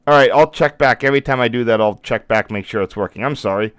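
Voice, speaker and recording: Hosting a live stream, a man offers casual commentary at a fast clip, his medium-pitched voice a bit bright and smooth but showing some wear as he loses his voice. He rambles, breaks off mid-thought and apologizes now and then. The sound is clean studio quality, with no echo.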